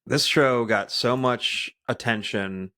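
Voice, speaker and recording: A man's voice: medium pitch, takes it slowly, pushed and bright. A man co-hosting a podcast in casual chat, rambling with many restarts and fillers. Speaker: podcast co-host.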